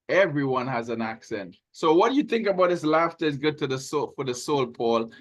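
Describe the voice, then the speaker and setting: A man from Trinidad with a softened Trinidadian accent, co-hosting a casual talk show and telling stories. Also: a little high, rough recording. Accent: Trinidadian, softened toward North American. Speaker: podcast co-host. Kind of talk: casual chat.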